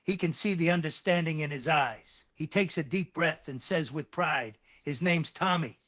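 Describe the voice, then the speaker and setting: Man reading steady story narration. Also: a little high, normal speed, no echo. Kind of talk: scripted third-person narration.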